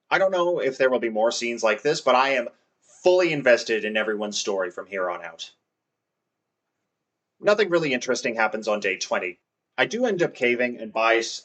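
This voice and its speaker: Wry man narrating gameplay. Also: medium pitch. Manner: wry, self-deprecating.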